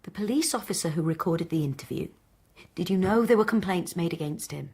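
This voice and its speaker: An actress playing a quiet, stubborn PhD student in an audio drama. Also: female voice, fairly low pitch, lively intonation, fairly quick, slightly rough.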